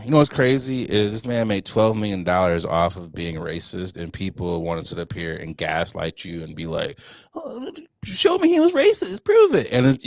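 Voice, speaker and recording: A blunt, profane man co-hosts a casual podcast. His voice sits very low and crackles with gravel, and the sound is dry and close. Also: dry recording. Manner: blunt, profane storytelling with mocking put-on voices. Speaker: podcast co-host.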